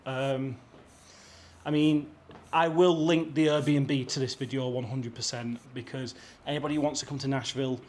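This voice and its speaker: British man, British English accent, young adult, effusive chatty vlog, mid-pitched voice, faint city hum behind. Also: steady tone, moderate pace, darkish tone. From Britain. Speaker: travel vlogger. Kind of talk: casual vlog to camera. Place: rented apartment and balcony, partly outdoors.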